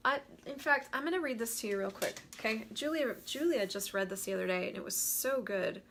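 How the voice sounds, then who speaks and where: A woman hosting a casual live-stream talk, animated and chatty, greeting viewers by name as she goes. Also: on the high side, fairly quick, slight background noise. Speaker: host of a live money talk.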